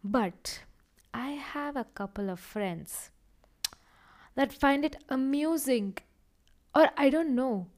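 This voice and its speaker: A young woman hosting a solo podcast, chatting casually and rambling from one tangent to the next, now and then acting out quotes with lively voices. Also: sits high, slow pace, pauses often. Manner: slips into animated acted-out quotes. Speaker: podcast host.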